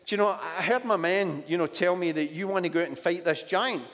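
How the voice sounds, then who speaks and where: A man's voice: high voice, a little fast, a bit bright, in a large hall. A male preacher voicing a doubtful king who questions a boy in disbelief. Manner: questioning, incredulous.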